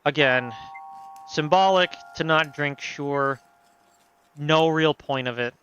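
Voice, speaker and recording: A man's voice: a little high, takes it slowly, fairly bright tone, muffled recording, a little hiss or hum. A man giving casual gameplay commentary, thinking aloud and swearing freely. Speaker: let's play host.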